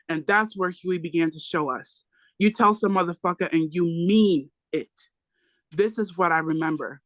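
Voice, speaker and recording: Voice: medium pitch, normal speed, fairly bright tone, no room sound, rough recording. A book club reader reading a memoir aloud, emphatic and given to profane asides.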